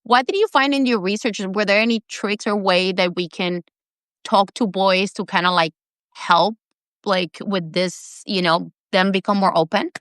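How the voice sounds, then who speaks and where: A woman hosting an interview in a chatty, casual way, peppering her questions with fillers. Her voice sits at a middle pitch and is recorded close and dry. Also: moderate pace, a bit bright, no room sound. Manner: chatty, lots of likes and fillers. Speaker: host. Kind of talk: conversational interview.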